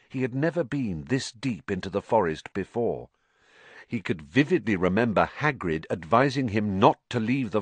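A man narrating a storybook in a fairly low voice with lively, sweeping intonation. His delivery is dramatic and expressive. The recording is dry and close-miked. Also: dry recording. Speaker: audiobook narrator.

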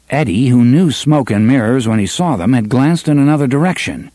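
A man narrating an audiobook in an expressive storytelling manner. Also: medium pitch, a little fast, few pauses, no room sound. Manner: expressive storytelling, varies pace for drama. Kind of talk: scripted narration.

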